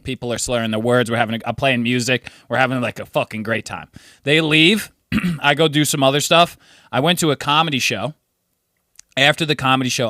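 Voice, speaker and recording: Animated, bright-voiced swearing storyteller man. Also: mid-range voice, dry recording, studio quality. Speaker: podcast co-host. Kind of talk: casual storytelling chat. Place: New York City apartment.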